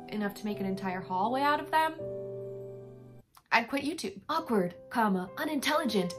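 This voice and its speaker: A young woman reading comments aloud for comedy in a smooth, polite voice-assistant impression. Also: high voice. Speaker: YouTube comedian.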